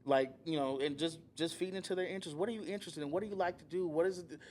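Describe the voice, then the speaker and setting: Guy in his 30s chatting on a couch podcast, kinda high voice, acts out his stories, faint hum behind. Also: very fast. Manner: animated storytelling, acting out quoted family members. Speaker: podcast co-host. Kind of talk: casual chat. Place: living room couch set.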